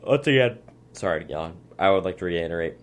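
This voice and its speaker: A young male host with an extremely deep voice leads a loose sports chat in a small studio. He steers the segment, reels off picks and wraps up with plugs, over a faint hiss in the background. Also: lively intonation, brisk. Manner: runs the segment, lists picks and sign-offs.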